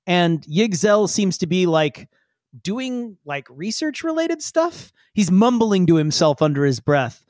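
Brief: high-pitched male game master, casual, rambling scene narration. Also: sing-song, measured pace, a little mellow, dry recording, studio quality. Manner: loose, hedging narration with many fillers.

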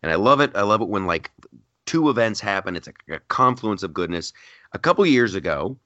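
A man's voice: fairly low pitch, sing-song, brisk, pushed and bright, dry recording, dull audio. A man hosting a comedy podcast in casual chat, rambling and joking. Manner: rambling, joking, quotes people in mock voices.

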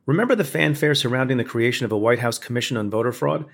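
A man, a former prosecutor, reading a scripted opinion essay in a measured, pointed way with building emphasis. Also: medium pitch, creaky. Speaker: former prosecutor narrating commentary.

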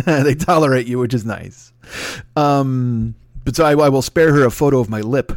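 A man's voice: mid-range voice, lively intonation, no echo, clean studio sound. Profane, rambling male podcast host. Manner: profane, self-mocking, rambling; talks fast, then slows down. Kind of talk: rambling comic monologue.

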